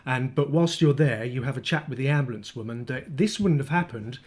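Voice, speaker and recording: A man's voice: medium pitch, lively intonation, fairly quick, a little mellow. A man, co-hosting a comic live chat show and telling self-deprecating stories. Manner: anecdotal, self-deprecating storytelling. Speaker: co-host.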